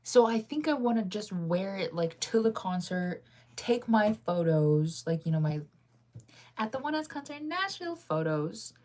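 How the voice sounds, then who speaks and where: A woman's voice: medium pitch, animated, moderate pace, a little mellow. Rambling, indecisive young woman vlogger. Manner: rambling, indecisive, laughing often. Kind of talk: casual chat to viewers.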